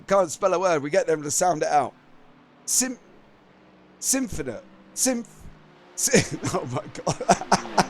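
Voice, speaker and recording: A man's voice: high-pitched, a little hiss or hum. A man hosting a live sim racing stream, chatting with his viewers and laughing at himself, tired after a long day. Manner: chatty, laughing, self-mocking. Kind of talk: live stream commentary and chat.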